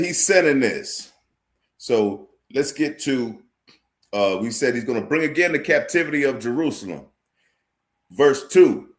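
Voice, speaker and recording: A man preaching to his online viewers, forcefully repeating phrases, quoting scripture and checking "you understand?". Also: mid-range voice. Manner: addresses viewers directly, asks "you understand?". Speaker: street preacher teaching a class. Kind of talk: livestream sermon.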